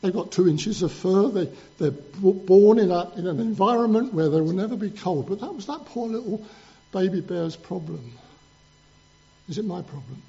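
A man's voice: high-pitched, expressive, normal speed, vocal fry, warm tone, dull audio. A man preaching a sermon in an earnest, emphatic manner, building up lists of points and telling a story to the congregation.

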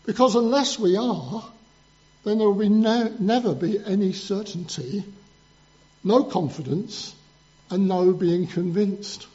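A man preaches with earnest emphasis, stacking up repeated phrases to drive his points home. His voice is high for a man and mellow in tone. The recording is dull and lo-fi, with a faint mains hum behind him. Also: a little slow. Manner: earnest, emphatic, building up lists. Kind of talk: sermon.

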